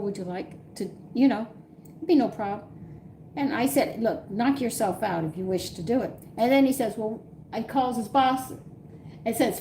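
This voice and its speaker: A woman's voice: fairly high pitch, dark tone, slight background noise. Chatty older woman venting. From Texas. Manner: chatty, exasperated storytelling with laughs. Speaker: cooking channel host chatting with live viewers. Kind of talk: casual live-stream chat. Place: home.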